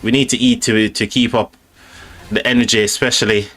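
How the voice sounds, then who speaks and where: Chatty British man, lowish voice. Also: level tone, fairly quick, a bit bright. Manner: chatty and friendly, calls viewers mate and buddy. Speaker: live-stream host. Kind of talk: casual chat reading out viewer comments.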